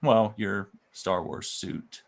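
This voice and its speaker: A middle-aged man co-hosting a casual chat show, easygoing and quick to laugh. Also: low-pitched, gravelly, noisy background. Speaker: co-host.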